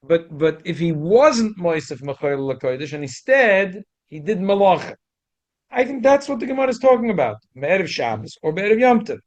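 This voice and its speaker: A man's voice: sits high, sing-song, normal speed, muffled recording. A man teaching a Talmud class, with stumbling restarts and sudden emphatic rises. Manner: frequent stumbling restarts, rising emphatic jumps. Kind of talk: Talmud lesson.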